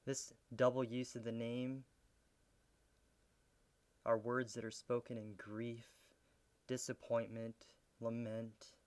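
A man's voice: medium pitch, flat delivery, slow pace, pauses often. Man preaching an earnest sermon. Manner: earnest teaching, with soft laughs and building intensity. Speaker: pastor.

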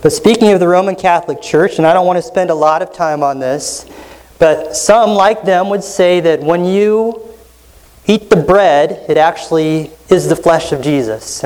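A man's voice: fairly high pitch, normal speed, darkish tone, poor audio. Man preaching, asking rhetorical questions. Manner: teaching tone with frequent rhetorical questions; reads scripture passages aloud. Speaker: pastor. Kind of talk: expository sermon.

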